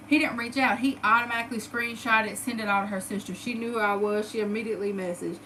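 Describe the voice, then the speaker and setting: A woman in her thirties telling a personal story in a casual, animated and profane way. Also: fairly high pitch, fast talker, hardly any pauses, a little hiss or hum, rough recording. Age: 30s. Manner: animated, profane, dramatic retelling. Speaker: storyteller vlogger.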